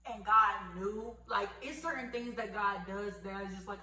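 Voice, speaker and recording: Bright-voiced young woman giving emotional testimony. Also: mid-range voice, fairly quick, few pauses. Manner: animated, emphatic, repeats phrases for effect. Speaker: vlogger. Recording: echoey room with faint hum.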